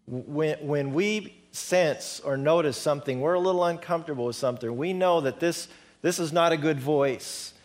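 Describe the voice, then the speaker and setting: A man's voice: on the high side, moderate pace. A middle-aged male pastor giving a conversational sermon, repeating words for emphasis and lifting his voice on key points. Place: church sanctuary.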